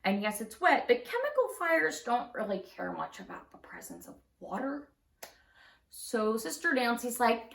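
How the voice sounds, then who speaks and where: Woman, casual storytime, chatty, laughs often, bright voice, echoey room. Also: a little high, big pitch swings, moderate pace, gravelly, recorded from a distance. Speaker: craft channel host. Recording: roomy echo.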